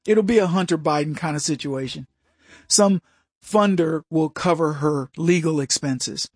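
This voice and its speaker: A man hosts a talk radio show in a high voice, animated and sarcastic. His voice is close and dry, with no room sound. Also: unhurried, husky, dry recording.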